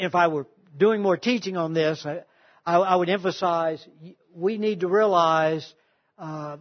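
A man preaching a sermon, telling a story with emphatic swings in loudness and pace. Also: fairly high pitch. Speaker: pastor. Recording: dull lo-fi sound.

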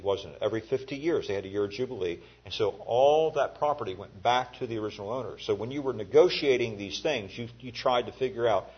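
In a husky, lowish voice, a man teaches a Bible class in a folksy, conversational style, telling the story and putting questions to his students. The recording is dull and lo-fi.

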